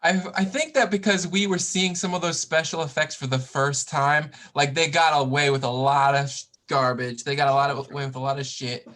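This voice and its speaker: A man with a voice a little above average in pitch chats casually as a podcast co-host. He sounds relaxed and laughs easily. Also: a little fast, hardly any pauses. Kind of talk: casual chat.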